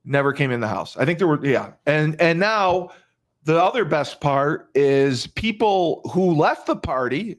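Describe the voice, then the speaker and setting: A man's voice: on the high side, lively intonation, measured pace. A male podcast host retelling a crime case in casual talk, emphatic, repeating phrases and restarting often.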